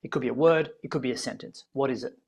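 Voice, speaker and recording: A man's voice: mid-range voice, fast, creaky, darkish tone, slightly rough. A man hosting a live webinar, energetically prompting his audience with frequent ums. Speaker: webinar host.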